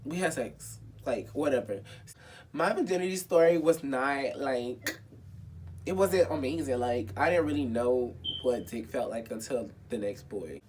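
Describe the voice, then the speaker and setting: A young man in his twenties tells a personal story in a casual vlog, dramatic and expressive, swearing freely and saying "like" a lot. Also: mid-range voice, measured pace, slight background noise. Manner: dramatic, expressive and profane, with lots of filler "like". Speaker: vlogger.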